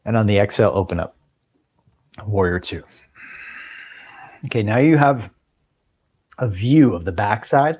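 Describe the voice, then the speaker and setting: Man calmly cueing a yoga class. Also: on the low side, measured pace, pauses often, breathy edge. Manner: cueing breath and movement, relaxed with small apologies. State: clearing a tickle in his throat. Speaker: yoga teacher. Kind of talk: guided yoga class instruction.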